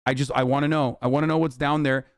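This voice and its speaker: A man's voice: medium pitch, little pitch movement, fast talker, no echo, studio quality. A man reacting to the news on a live stream, ranting in a heated, profane, sarcastic way.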